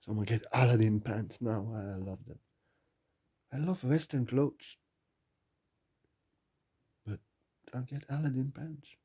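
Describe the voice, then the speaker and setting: A man giving a spiritual talk, repeating phrases emphatically and building to loud bursts. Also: mid-range voice, fairly even intonation, slow pace, long pauses, husky. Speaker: spiritual teacher.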